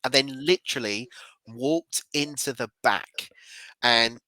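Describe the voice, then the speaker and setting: Man, forties, bright tense voice, dry close sound, upbeat podcast host. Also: medium pitch, slow, no echo, rough recording. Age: 40s. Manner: upbeat, self-deprecating. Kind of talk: casual chat and news reading.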